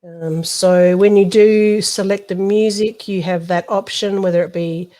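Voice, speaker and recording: A woman co-hosting a casual tech podcast, chatting and reading out update notes with quick joking asides. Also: mid-range voice, fairly even intonation, dark tone. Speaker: podcast co-host.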